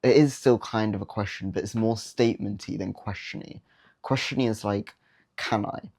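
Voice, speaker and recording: Blunt low-voiced young man giving advice. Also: fairly even intonation, a little fast, darkish tone. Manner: blunt and slangy, mocks the habits he warns against. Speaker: dating advice creator. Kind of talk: casual advice monologue to camera.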